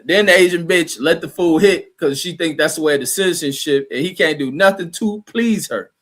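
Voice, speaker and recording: Profane, rambling man with a fairly high voice. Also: a bit bright. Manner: profane, rambling, many fillers and restarts. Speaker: show host reading live chat. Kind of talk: casual livestream rant.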